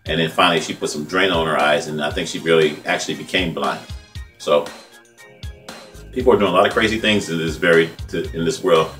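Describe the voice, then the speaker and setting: A man's voice: extremely low pitch, steady tone, a little fast, fairly bright tone. A man in his fifties from California, an independent journalist hosting his own vlog, talking in a rambling, heartfelt, conversational way with frequent "man" asides. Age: 50s. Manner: conversational, repetitive, heartfelt, says "man" often. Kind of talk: casual rambling commentary. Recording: distant mic with faint music behind.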